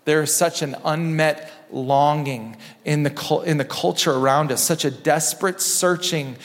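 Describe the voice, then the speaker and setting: A man preaching a sermon in a church, impassioned, repeating phrases and dropping low and soft for emphasis. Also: steady tone, measured pace. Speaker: pastor. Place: church sanctuary. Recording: long reverb of a church hall.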